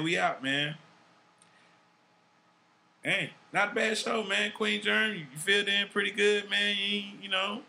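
A man hosting a loose podcast chat, talking in a bright, forceful voice pitched a little high. He swears constantly and uses street slang, with an animated, joking delivery. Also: a little hiss or hum. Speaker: podcast host. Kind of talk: casual profane chat.

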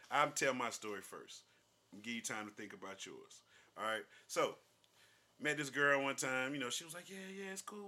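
Bright-voiced man telling profane stories. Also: fairly high pitch. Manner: profane, animated, acts out other people in quoted voices. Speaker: podcast co-host. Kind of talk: casual banter and storytelling.

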